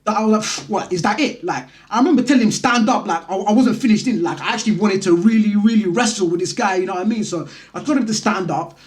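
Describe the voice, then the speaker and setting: A man's voice: high-pitched, fast talker, a little mellow. A young man casually telling a story from his school years, peppering it with "you know what I mean".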